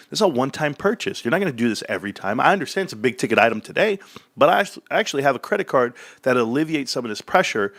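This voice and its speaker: A man in casual commentary, animated and quick to slip into mock sales pitches. His voice sits at an ordinary middle pitch. The sound is close and dry, with no room around it. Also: no room sound. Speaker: stock commentary host.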